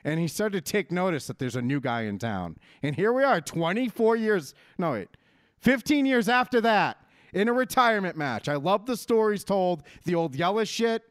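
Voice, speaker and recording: A man's voice: high voice, big pitch swings, moderate pace, no echo, clean studio sound. Brash, profane man talking wrestling. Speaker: podcast co-host. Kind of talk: casual wrestling chat.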